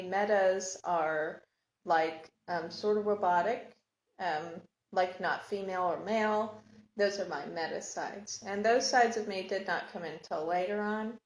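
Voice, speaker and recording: A woman telling her own life story in a casual, reflective monologue, halting and searching for words. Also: fairly low pitch. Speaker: podcast host sharing personal story. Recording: echoey room.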